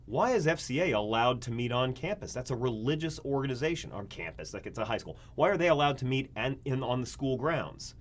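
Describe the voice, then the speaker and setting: A man's voice: mid-range voice, big pitch swings, a little fast, hardly any pauses, slight background noise. A man teaching a college government class, talking casually, asking his students rhetorical questions and acting out little scenes. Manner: conversational, asks rhetorical questions, acts out scenarios. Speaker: community college government instructor. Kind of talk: recorded classroom lecture.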